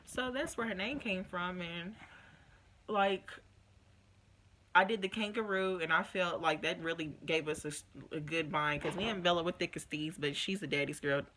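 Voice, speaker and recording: A woman's voice: on the low side, normal speed. A young woman vlogger telling a personal story in a casual, emotional way, acting out what others said. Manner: emotional, animated retelling with quoted voices.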